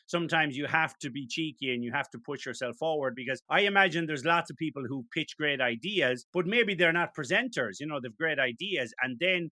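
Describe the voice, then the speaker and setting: A man's voice: on the high side, a little fast, hardly any pauses, pushed and bright, no room sound, studio quality. A man hosting a podcast interview, chatting casually and encouraging his guest with agreeing fillers. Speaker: podcast host.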